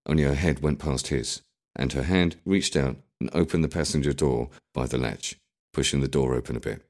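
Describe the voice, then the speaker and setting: A man narrating an audiobook in an expressive storytelling manner. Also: very deep voice, normal speed.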